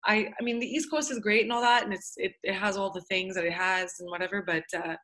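A woman's voice: mid-range voice, fairly even intonation, quick pace, fairly bright tone. A woman from Montreal, a yoga teacher talking as a podcast guest in a chatty, rambling way and laughing often. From Montreal, Canada. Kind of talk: casual interview chat.

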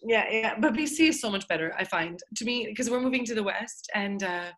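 A woman's voice: medium pitch, expressive, a little fast, fairly bright tone. A woman from Montreal, a yoga teacher talking as a podcast guest in a chatty, rambling way and laughing often. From Montreal, Canada. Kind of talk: casual interview chat.

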